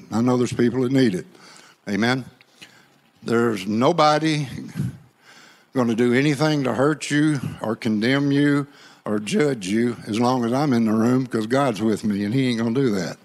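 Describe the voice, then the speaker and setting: A man's voice: medium pitch, creaky. A man preaching in a church, telling a funny story in a folksy way and calling on the crowd to answer back. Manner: folksy, joking, call-and-response with the crowd. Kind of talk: sermon with humorous storytelling.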